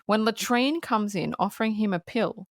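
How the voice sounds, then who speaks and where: A woman co-hosting a movie podcast, recapping a comedy film plot in a casual, animated way and laughing often. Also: medium pitch, moderate pace, no echo, clean studio sound. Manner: animated retelling, laughs often, quotes characters. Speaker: podcast co-host.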